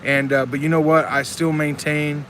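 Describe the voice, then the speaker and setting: A man's voice: on the high side, flat delivery, moderate pace, fairly bright tone, slight background noise. A man chatting casually on a live stream, earnest and rambling, reading chat comments aloud. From Texas.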